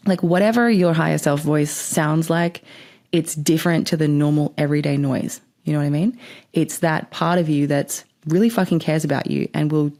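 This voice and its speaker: A woman's voice: deep voice, fairly even intonation, normal speed, darkish tone. A woman hosting a podcast, giving spiritual advice in a chatty, rambling way and swearing casually. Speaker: podcast host.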